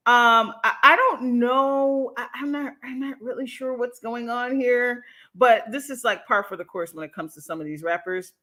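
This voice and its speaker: A woman's voice: fairly high pitch, moderate pace, sharp tone. A woman hosting a livestream, reacting to a clip in a casual, slangy way and laughing often. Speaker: livestream host.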